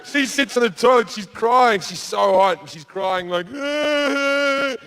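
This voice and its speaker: Crude, high-voiced stand-up comic man. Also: moderate pace, a bit bright. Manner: crude, blunt storytelling with swearing. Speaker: stand-up comedian. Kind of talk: stand-up comedy storytelling. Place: comedy club stage before a live audience.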